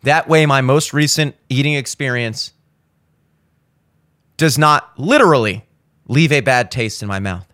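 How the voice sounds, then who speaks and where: A hungover young man hosting a podcast, talking casually and profanely, breaking into loud exasperated rants. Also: mid-range voice, expressive, measured pace, long pauses, dry recording, clean studio sound. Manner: profane, ranting, swings into loud exasperated outbursts. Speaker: podcast host. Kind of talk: casual monologue.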